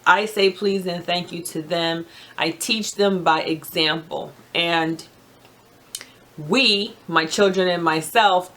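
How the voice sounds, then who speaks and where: Middle-aged woman vlogger, lower register, earnest, reflective advice talk with small pauses. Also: bright, forceful tone. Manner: earnest, frank, reflective, with hesitations. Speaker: marriage vlogger. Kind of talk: casual advice talk to camera.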